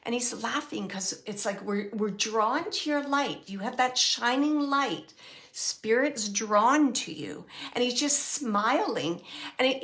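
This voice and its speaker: A woman medium giving a live reading to an audience member, talking in a halting, searching way with soft whispered asides. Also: a little high.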